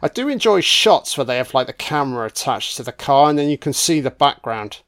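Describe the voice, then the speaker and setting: A man's voice: medium pitch, big pitch swings, brisk, fairly bright tone. A man giving casual, crude commentary on a horror film, sarcastic and swearing nonstop as he mocks the characters.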